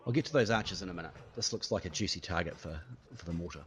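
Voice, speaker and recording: A man's voice: low-pitched, racing, fairly bright tone. A man giving casual live commentary over his own gameplay, chatty and playful, tossing in sound effects and running remarks. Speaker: gaming YouTuber.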